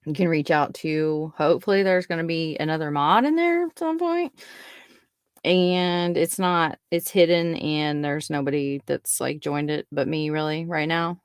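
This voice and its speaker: Low-voiced rambling woman podcaster. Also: smooth, dry recording, studio quality. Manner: rambling, giggly, self-interrupting. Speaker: podcast host. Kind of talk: casual spoken update.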